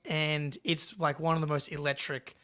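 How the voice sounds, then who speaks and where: Animated higher-voiced podcast co-host. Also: male voice, normal speed. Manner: animated, swears casually. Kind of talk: casual sports podcast chat.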